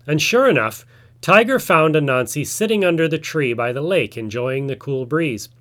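A man narrating a folk tale in a measured, expressive storytelling manner. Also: on the high side.

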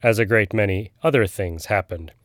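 A man voicing a gruff, knowing old male frog who tells a tale in a storybook reading. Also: lowish voice, moderate pace, no room sound, clean studio sound, lightly acted. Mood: storytelling.

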